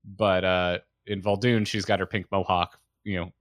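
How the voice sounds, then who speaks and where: A man co-hosts a casual podcast and sounds keen about what he describes. He uses plenty of fillers and restarts, at a middle pitch. The recording is close and dry. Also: little pitch movement, moderate pace, dry recording. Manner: enthusiastic, filler-heavy, hesitant starts. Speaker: podcast co-host.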